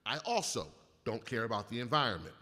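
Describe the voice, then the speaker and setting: A man telling rambling, profane stories in a casual chat and building into loud rants. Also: medium pitch, animated, a little fast. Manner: profane, rambling storyteller who rants loudly. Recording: long hall reverb.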